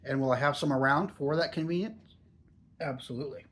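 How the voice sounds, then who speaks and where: Chatty higher-voiced male reviewer. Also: a little fast, fairly bright tone, a little hiss or hum. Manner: chatty, rambling, easygoing. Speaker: product reviewer. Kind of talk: casual review vlog.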